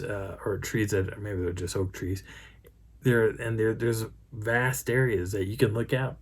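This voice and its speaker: Middle-aged man, lowish husky voice, rambling campfire-style storyteller, restarts often. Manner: rambling, animated retelling with many restarts. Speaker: Bigfoot researcher telling a field story. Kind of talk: casual first-person storytelling.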